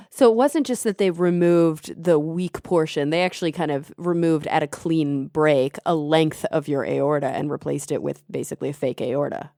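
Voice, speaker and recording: Curious, gravelly-voiced woman host. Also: low-pitched, normal speed, dark tone, no echo, studio quality. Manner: curious, exclamatory, swears casually. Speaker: podcast host. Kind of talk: casual interview chat.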